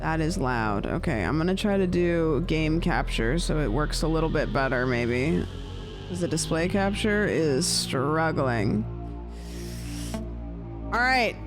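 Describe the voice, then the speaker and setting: A woman's voice: sits low, lively intonation, unhurried. A woman live-streaming a game, chatting casually and reacting aloud as she plays. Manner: chatty, reacting and commenting aloud while playing. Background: game music.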